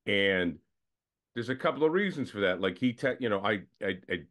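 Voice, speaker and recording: A man with a Boston accent hosting a sports podcast, chatty and quick to ask questions. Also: on the low side, expressive, a bit bright. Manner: chatty, asks questions, laughs while talking. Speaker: podcast host. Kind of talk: casual sports talk.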